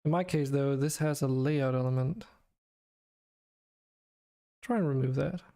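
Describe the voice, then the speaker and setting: A worn-out man talks to himself in a flat, monotone way while he pokes at his game's code. His voice is mellow and soft-edged, steady and unhurried. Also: medium pitch. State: exhausted. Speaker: game developer streamer. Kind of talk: thinking aloud while coding.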